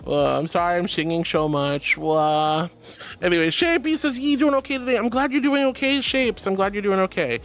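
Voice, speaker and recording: During a livestream, a VTuber goes through her chat with a bubbly giggle, calling people sweetie and darling. Her voice is medium-pitched and animated, at an ordinary speed.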